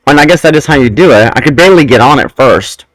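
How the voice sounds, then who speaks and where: Animated man telling a long story. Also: medium pitch, fast talker, dry recording, rough recording. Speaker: host. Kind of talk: casual chat.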